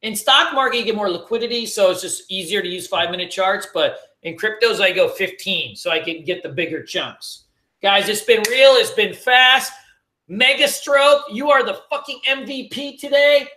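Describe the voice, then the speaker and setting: A man's voice: sits high, normal speed, pushed and bright, echoey room. A man hosting a casual trading livestream, joking, slangy and swearing as he answers viewers. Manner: laid-back, joking, slangy, swears and laughs often.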